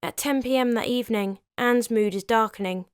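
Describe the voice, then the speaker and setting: Woman, history storyteller, conversational narration, fairly high voice, dry close sound. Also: a little fast, smooth, no echo. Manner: conversational with chatty asides. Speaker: history video host.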